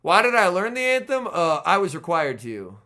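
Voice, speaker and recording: A man streaming a game and chatting with viewers, his voice hoarse and strained, reacting excitably to the play. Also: sits high, moderate pace. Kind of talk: casual gaming livestream chat.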